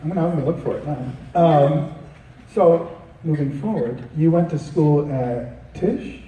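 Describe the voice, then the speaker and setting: A man's voice: fairly high pitch, measured pace, warm tone, muffled recording. A man interviewing a guest at a convention panel, asking short follow-up questions. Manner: brief prompts and follow-up questions. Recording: roomy, distant mic, faint hiss.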